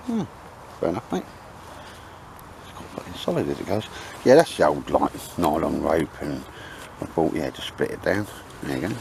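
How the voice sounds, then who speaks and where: A man's voice: very deep voice, sing-song, normal speed, gravelly, pauses often, noisy background. A man hosting a vlog, chatting and joking casually outdoors in the woods, calling everyone mate. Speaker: vlog host. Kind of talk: casual banter. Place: outdoors in cold wet woods.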